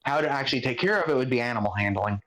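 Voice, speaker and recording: A man's voice: mid-range voice, animated, very fast, fairly bright tone, slight background noise, low-quality recording. A man running a tabletop game as game master, narrating the scene and sounding exasperated and dry about the players' antics.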